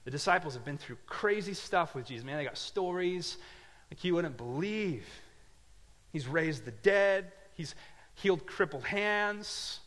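A man preaching a sermon, telling a story with lively swings from quiet asides to loud emphatic lines. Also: a little high, unhurried, in a large hall. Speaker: pastor.

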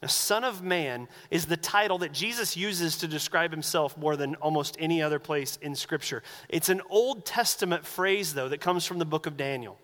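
A man preaching a sermon as pastor, animated and acting out the voices he quotes. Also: on the high side, normal speed, hardly any pauses, long reverb tail.

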